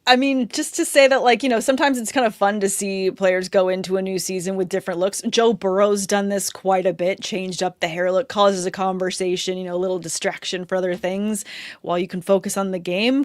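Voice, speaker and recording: A young woman talks fantasy football as a podcast co-host, upbeat and chatty with frequent laughs. Her voice sits at a middle pitch and is recorded dry and close, with no room sound. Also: no echo. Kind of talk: casual podcast chat.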